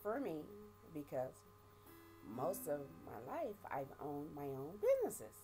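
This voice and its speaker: A middle-aged woman giving a halting, emotional personal testimony, often repeating words and speaking of her faith. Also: low-pitched, huge pitch swings, warm tone, soft background music. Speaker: vlogger sharing life after prison.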